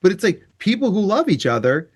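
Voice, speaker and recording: A man hosting a podcast, chatting and explaining ideas in an animated way. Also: high-pitched, a little fast, breathy edge. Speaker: podcast host. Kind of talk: casual podcast chat.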